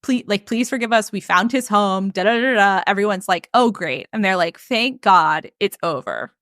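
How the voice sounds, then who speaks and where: A woman's voice: mid-range voice, moderate pace, no room sound. Dry-sounding woman retelling a story. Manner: animated retelling with quoted voices and frequent "like". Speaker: podcast host. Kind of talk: casual storytelling chat.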